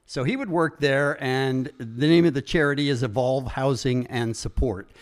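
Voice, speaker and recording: A man in casual chat who teases his co-host and then tells a story of his own in a relaxed way. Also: medium pitch, normal speed. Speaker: podcast co-host.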